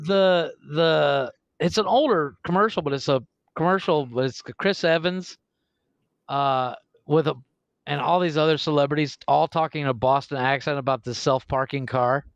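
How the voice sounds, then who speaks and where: A man co-hosting a podcast in casual chat, rambling and animated and often laughing. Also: fairly high pitch, normal speed, no room sound, lo-fi sound. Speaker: podcast co-host.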